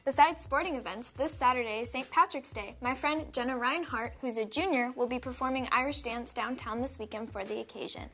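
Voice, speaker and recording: A woman's voice: fairly high pitch, brisk, hardly any pauses, fairly bright tone. A teenage girl anchoring a school news broadcast with an upbeat, scripted read. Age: teens.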